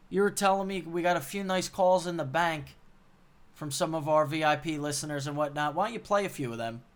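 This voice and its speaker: A man hosts a podcast, talking in an earnest, grateful, emphatic way. His voice sits somewhat high for a man. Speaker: podcast host. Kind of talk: casual chat.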